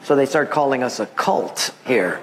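A male pastor from Hawaii preaching a sermon, telling a story and acting out quotes in an animated voice. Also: mid-range voice, normal speed, in a large hall. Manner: animated, acts out quotes with raised voice.

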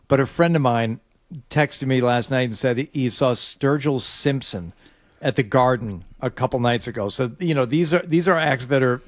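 A man's voice: mid-range voice, no room sound. A man co-hosting a morning radio show, making wry, dry remarks. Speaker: radio co-host. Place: radio studio.

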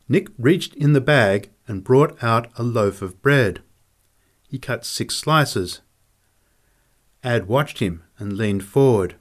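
A man narrating a short story as an audiobook, in a slow, expressive reading. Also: lowish voice.

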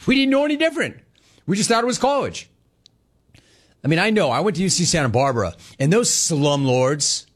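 A man in his fifties holds forth as a sports talk radio host, spinning a wry, conversational story. His voice sits in a middling register but rises and falls with lively swings as he talks. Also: medium pitch.

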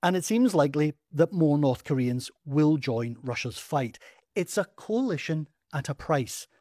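A man reading a scripted news report in a grave, measured way. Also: a little high, expressive, dark tone, no echo, studio quality. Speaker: foreign correspondent.

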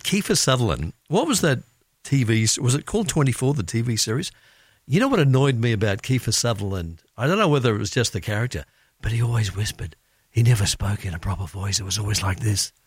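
Chatty Australian radio host, lively pitch. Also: male voice, no room sound, clean studio sound. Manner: chatty, laughing, reads listener comments aloud. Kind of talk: casual radio chat. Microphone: studio microphone.

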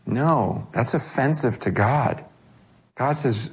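A man preaching a sermon, animated, acting out quoted voices, often repeating himself as he restarts. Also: sits high, moderate pace. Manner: frequent self-corrections and repeated words. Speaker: pastor.

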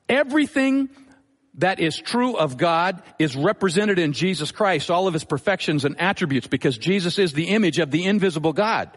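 A pastor preaching a sermon in a measured, teaching manner, repeating his key phrases for emphasis. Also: a little high, expressive. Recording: long hall reverb.

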